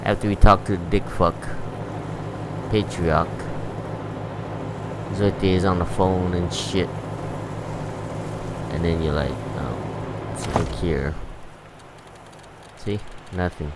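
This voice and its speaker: A man's voice: low voice, fairly even intonation, slow pace, long pauses, very noisy. A man giving laid-back, rambling gameplay commentary, swearing freely as he plays. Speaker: gameplay streamer.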